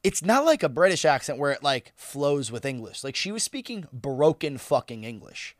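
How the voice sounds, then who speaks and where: Man, casual podcast storyteller, slightly high voice, animated, swears, dry close sound. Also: normal speed, no echo. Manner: animated, swearing, acts out quoted dialogue. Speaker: podcast co-host.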